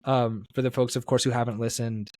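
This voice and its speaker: Male podcast host, mid-pitched, filler-heavy and rambling, dry close sound. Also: fairly even intonation, fairly quick, a little mellow, no echo. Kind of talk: casual podcast interview.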